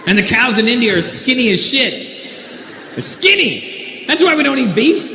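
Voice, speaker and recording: A man's voice: extremely high pitch, expressive, fast talker, bright, forceful tone, a little hiss or hum. A Canadian male stand-up comedian tells wry observational stories. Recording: echoey live hall recording. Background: audience laughter.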